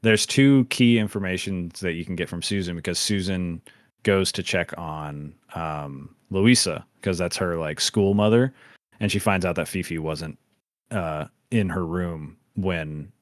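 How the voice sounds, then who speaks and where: A man's voice: sits low, measured pace, no room sound, clean studio sound. A man hosting a podcast in casual chat, rambling with many fillers and restarts and laughing as he retells scenes. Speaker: podcast host.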